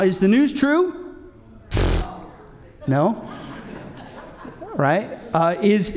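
A male pastor preaching with a high, lifted voice. He presses each point hard and keeps throwing questions back at his listeners. Now and then he drops in a dry joke. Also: darkish tone. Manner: emphatic, asks the audience rhetorical questions. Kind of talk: sermon.

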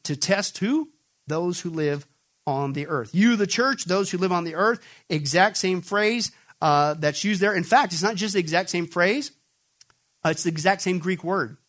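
A man's voice: high voice, lively intonation, measured pace, fairly bright tone. A male pastor preaching an emphatic sermon, often throwing questions back at the congregation. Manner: emphatic call-and-response questioning.

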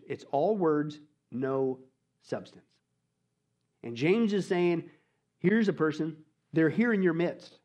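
A man preaching a verse-by-verse sermon as a pastor, emphatic and colloquial, firing rhetorical questions and swinging between loud bursts and quiet asides. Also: on the high side. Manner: colloquial preaching with mock voices. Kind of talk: expository sermon.

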